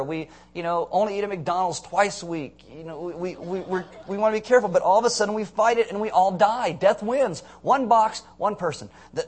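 Guy pastor preaching, chatty and animated, cracks jokes, talks to the crowd. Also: sits high. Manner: animated storytelling with jokes and audience asides. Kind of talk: sermon.

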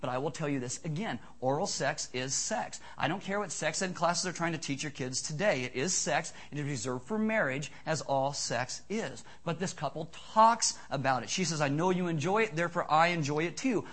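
Male pastor, middle-aged, high voice, animated joking sermon delivery. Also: moderate pace, few pauses. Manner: animated, joking, emphatic preaching.

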